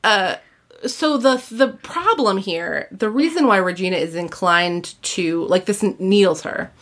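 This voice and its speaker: A woman's voice: mid-range voice, measured pace. A young adult woman hosting a podcast, chatting casually as she recaps a story, with frequent "like"s and laughter. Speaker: podcast host. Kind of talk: casual chat.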